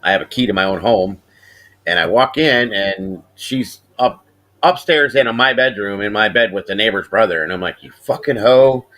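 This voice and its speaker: A middle-aged man hosting a casual podcast tells a rambling, profane story, growing animated whenever he quotes other people. His voice is lowish and his pace moderate.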